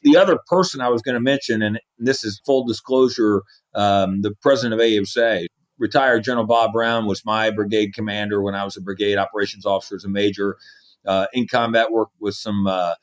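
A man's voice: lowish voice, fairly even intonation, brisk. A man in his fifties, an Army division commander, earnestly recounting personal stories in an interview and acting out quoted dialogue. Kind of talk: interview storytelling.

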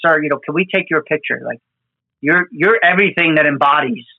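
A man's voice: a little high, fairly quick, dry recording. Earnest man on a tinny phone-like line. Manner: earnest, emotional, repeats words while telling stories. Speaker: disaster responder with New York fire department team. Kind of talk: conversational storytelling.

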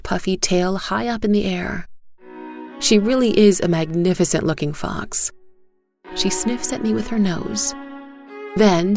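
A woman tells a first-person story in a measured, gentle reading voice. Her pace is very slow and her voice has a gravelly fry, pitched on the low side. Faint violin music plays underneath.

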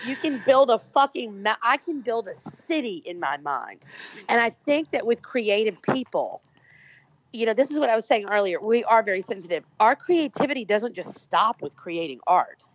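A woman's voice: on the high side, sing-song, normal speed, slight background noise. A woman artist being interviewed, talking in a brash, emphatic, profane way. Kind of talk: casual conversational interview. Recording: dull lo-fi dry sound.

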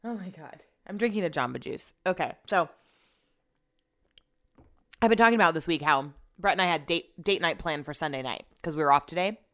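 A young woman chats on her solo podcast from a room at home. She rambles and restarts her sentences often, and her low-pitched voice stays smooth and clear. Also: animated, brisk, long pauses, fairly bright tone. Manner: rambling, chatty, many fillers and restarts. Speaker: podcast host. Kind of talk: casual solo podcast chat.

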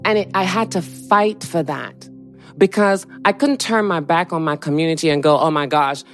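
A woman being interviewed, telling a personal story in an animated way and acting out what other people said to her. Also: lowish voice, moderate pace, faint music behind. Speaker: interview guest.

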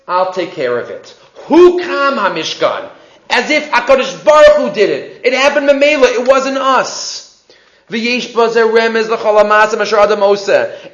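A man's voice: high voice, a bit bright, echoey room, muffled recording. A man teaching a class in a conversational lecturing way, asking rhetorical questions.

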